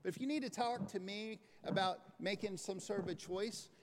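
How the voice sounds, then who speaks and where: High-voiced pastor in an echoing hall. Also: male voice, moderate pace, crowd noise. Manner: earnest, storytelling, conversational. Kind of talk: sermon. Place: church sanctuary. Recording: echoing hall, faint noise.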